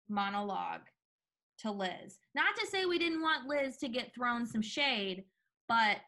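Chatty woman recapping a TV episode. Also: a little high. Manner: chatty, animated, lots of fillers. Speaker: podcast co-host. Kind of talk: casual TV recap chat.

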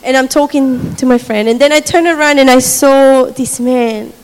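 A woman telling a faith story in a sermon, animated, laughing often and acting out what people said. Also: sits high, normal speed, clear, resonant tone. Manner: animated storytelling with frequent laughter and acted quotes. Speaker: speaker sharing a testimony. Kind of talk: testimony sermon. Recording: long reverb of a large hall.

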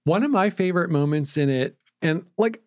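A man's voice: a little high, expressive, normal speed, dry recording, clean studio sound. A man co-hosting a casual movie review podcast, telling stories in a rambling way with frequent laughs and fillers. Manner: rambling storyteller, laughs often, lots of fillers. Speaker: podcast co-host.

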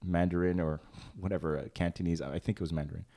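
A man with a very low voice hosts a casual podcast chat. He rambles loosely, cracks jokes and restarts his sentences often. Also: steady tone, quick pace, dark tone. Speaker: podcast host.

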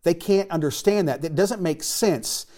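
A male pastor delivering a sermon in a somewhat high voice. He tells the story with lots of energy, asks the congregation questions and acts out the quoted lines himself. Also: moderate pace, dark tone.

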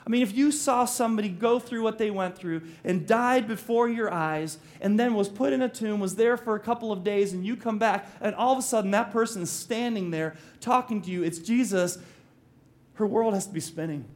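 A man's voice: high voice, fairly quick. A male pastor preaching a sermon, telling the story animatedly, acting out quotes and slipping in jokes.

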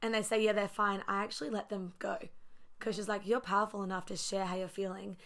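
A woman's voice: mid-range voice, little pitch movement, quick pace, creaky, fairly bright tone. A woman in casual conversation, reflective, telling personal stories with quoted dialogue and fillers.

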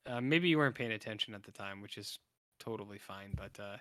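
A man co-hosting a podcast, chatting casually about a film with wry, deadpan asides. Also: lowish voice, a little fast, dry recording. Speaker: podcast co-host. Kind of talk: casual film-review chat.

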